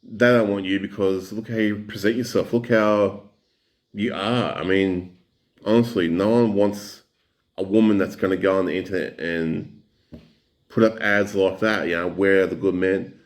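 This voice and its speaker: A man's voice: sits low, steady tone, normal speed. Blunt, swearing man ranting. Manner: angry, blunt, heavy swearing. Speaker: commentator reacting to clips. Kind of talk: ranting reaction commentary.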